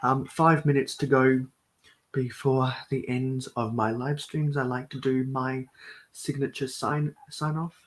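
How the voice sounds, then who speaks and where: A man hosting a live stream at home, talking through a build in a soft, mellow monotone. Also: medium pitch, measured pace, poor audio.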